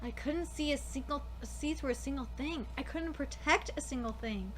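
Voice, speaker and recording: A woman reading the lines of a weary male exorcist instructor who blames himself, in a quiet, subdued voice. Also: high-pitched, normal speed, pitched below the performer's own voice, natural voice, rough recording. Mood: regretful.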